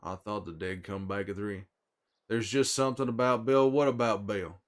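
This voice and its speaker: A man's voice: lowish voice, steady tone, moderate pace, lightly acted. A man playing a weary middle-aged male survivor in character on a livestream, with a put-on drawl and a folksy, chatty way of talking to viewers. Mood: easygoing. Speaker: streamer in character.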